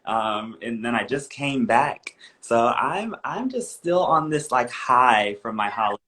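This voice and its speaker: A man's voice: mid-range voice, a little slow. A man from California, a professional dancer, chatting playfully as a guest on a video call. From California, USA. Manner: playful, animated. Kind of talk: casual chat.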